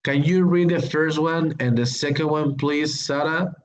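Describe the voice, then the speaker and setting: A man teaching an English grammar class online, speaking slowly and hesitantly, with many fillers and apologies. His first language is Spanish. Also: fairly high pitch, slight background noise, low-quality recording.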